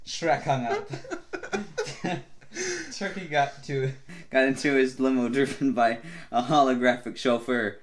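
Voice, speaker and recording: A man's voice: medium pitch, fairly even intonation, unhurried, slight background noise. A man reading silly fan fiction aloud on a comedy podcast, laughing often as he reads. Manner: keeps breaking into laughter mid-read. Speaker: podcast co-host.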